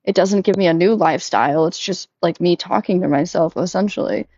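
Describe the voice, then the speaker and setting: Young woman rambling on about her own stuff, lots of likes, mellow warm tone, dry dull-ish sound. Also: brisk, no echo. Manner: chatty, lots of "like", acts out quotes in a higher voice. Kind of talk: casual confessional chat.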